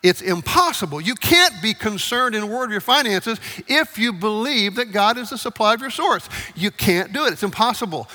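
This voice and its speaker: A male preacher with a high, bright voice talks easily with his congregation and keeps asking them questions. The sound carries the long reverb of a large hall. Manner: asks the congregation questions, conversational. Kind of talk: sermon.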